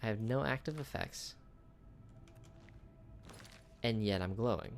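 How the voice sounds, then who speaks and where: A man's voice: fairly low pitch, slow, faint music behind. A man chatting casually through a video game, joking with the enemies he fights. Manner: chatty, jokes with on-screen enemies. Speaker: gameplay streamer. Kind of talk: casual gameplay commentary.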